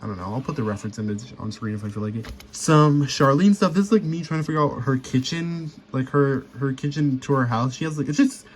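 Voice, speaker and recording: A man's voice: medium pitch, expressive, fairly quick, few pauses, a little hiss or hum. A young man rambling casually through a sketchbook tour voice-over, full of fillers and restarts. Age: young adult. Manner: rambling, filler-heavy, chatty. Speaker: vlogger.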